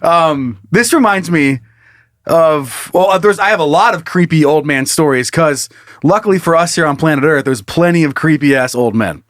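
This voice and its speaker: A man's voice: on the high side, expressive, moderate pace, a bit bright, no echo. Giggly male podcast co-host, dry close sound. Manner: jokey, laughs often, breaks into silly put-on voices. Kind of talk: casual comedic chat.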